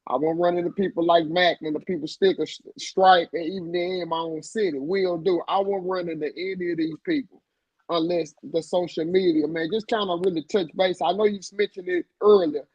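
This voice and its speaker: A man's voice: sits high, fairly even intonation, fairly quick, darkish tone, no room sound, highs cut off. A man hosting a podcast in casual chat, laid-back, with lots of "man" and "bro". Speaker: podcast host.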